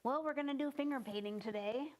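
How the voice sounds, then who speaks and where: A woman's voice: sits high, fast, poor audio. A woman performing improvised comedy on a TV show, speaking in a patient, teacherly way, with faint noise behind her.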